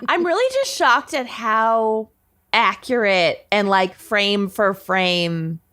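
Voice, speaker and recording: A woman's voice: mid-range voice, animated, slow, fairly bright tone. A woman podcast co-host making wry, joking asides in casual chat.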